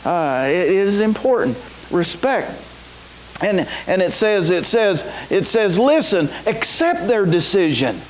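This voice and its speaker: A man's voice: high-pitched, sing-song, slow, poor audio. A man preaching a sermon to a congregation, often asking "is that right?" and waiting for a response. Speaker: pastor. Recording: faint hiss.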